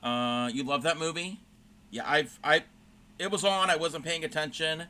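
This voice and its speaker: A man's voice: on the high side, steady tone, normal speed, pushed and bright. A man hosting a crafting livestream, telling a rambling story in casual chat with fillers and self-corrections while he stitches.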